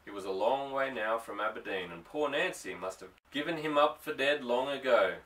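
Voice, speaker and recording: A man narrating an audiobook, telling the story in a steady way. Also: mid-range voice, moderate pace. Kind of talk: scripted narration. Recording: distant mic.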